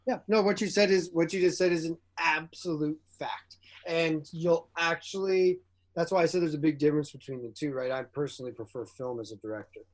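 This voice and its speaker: Male actor guest, animated storyteller, fairly high voice. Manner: animated storyteller who acts out quotes, laughs often. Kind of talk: casual interview chat.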